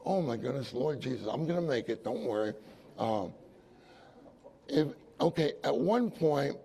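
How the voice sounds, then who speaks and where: A man's voice: medium pitch, lively intonation, measured pace, vocal fry, warm tone. A man preaching a sermon, telling a personal story with repeated phrases and asides to his congregation. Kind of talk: sermon testimony.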